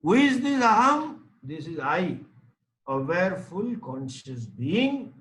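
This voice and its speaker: Guy teaching a scripture class real slow, higher voice, lots of short repeated phrases. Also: very animated, fairly bright tone, rough recording. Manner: patient explaining with homely examples. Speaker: spiritual teacher.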